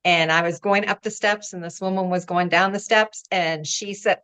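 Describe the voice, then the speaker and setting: A woman's voice: medium pitch, fairly quick, few pauses, clean tone. A woman guest on a podcast telling personal stories with feeling, acting out what people said and laughing between lines. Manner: warm, animated storyteller, acts out quoted voices, laughs between lines. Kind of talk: storytelling in an interview.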